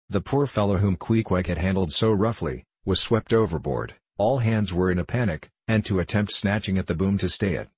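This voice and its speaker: A man reading a classic novel aloud in the first person, measured and deliberate. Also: low-pitched, breathy edge, no echo. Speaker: audiobook narrator.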